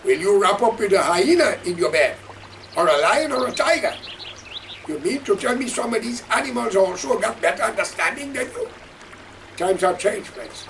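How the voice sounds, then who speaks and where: Fiery Guyanese man ranting, high gravelly voice. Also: far from the mic, a little hiss or hum. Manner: fiery, preaching, often shouting. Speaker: political commentator. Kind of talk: impassioned political rant.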